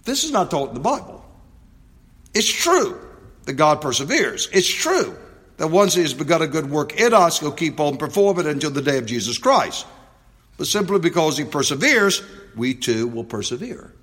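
Emphatic preacher in a reverberant hall. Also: male voice, a little high, very animated. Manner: emphatic, swings from quiet reflection to loud drawn-out scripture reading. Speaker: pastor. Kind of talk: expository sermon.

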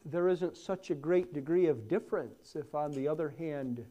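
A man's voice: fairly high pitch, moderate pace, dark tone, lo-fi sound. A man preaching a sermon, swelling hard on key words and then dropping almost to a whisper. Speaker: pastor.

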